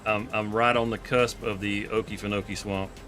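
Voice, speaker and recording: A man with a Southern Georgia accent, hosting a farming game live stream in a relaxed, rambling way with chuckles. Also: on the low side, normal speed, over music. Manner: laid-back, chuckling, rambling with fillers. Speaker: streamer host. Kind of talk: casual live-stream gaming chat.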